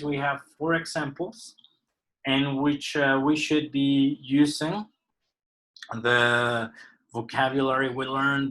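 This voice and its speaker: A man with a fairly high, bright voice talks very slowly through a recorded language lesson. He is patient and deliberate, laying out each point step by step for learners. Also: rough recording. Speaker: English teacher. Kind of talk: slow recorded lesson explaining vocabulary.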